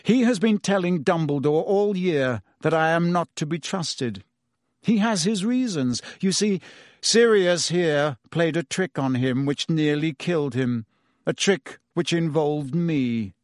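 A man's voice: a little high, a little slow, no room sound, clean studio sound, close to an everyday voice. A man voicing a guilt-ridden weary teacher. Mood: heavy. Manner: heavy, confessional, self-reproaching. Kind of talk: audiobook character reading.

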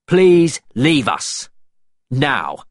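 A man's voice: mid-range voice, sing-song, slow, husky, dry recording, clean studio sound, full character voice. A man reading aloud voices a stern naval officer who gives curt orders.

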